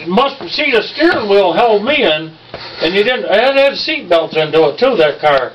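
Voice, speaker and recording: High-voiced man telling rowdy stories. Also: sing-song, moderate pace, recorded from a distance, highs cut off, crowd noise. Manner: profane, laughing while telling stories. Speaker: storyteller among friends. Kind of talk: casual storytelling.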